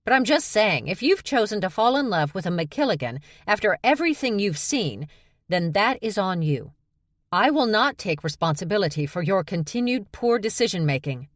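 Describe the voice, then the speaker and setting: A woman reading an audiobook, voicing a blunt, sharp-tongued young woman who sounds exasperated and matter-of-fact. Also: low-pitched, big pitch swings, normal speed, dry recording, studio quality.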